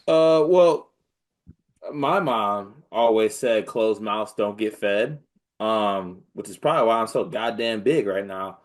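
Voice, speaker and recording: A man's voice: on the low side, lively intonation, slow pace. A man co-hosting a casual sports talk show, loose, blunt and joking. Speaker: sports podcast co-host.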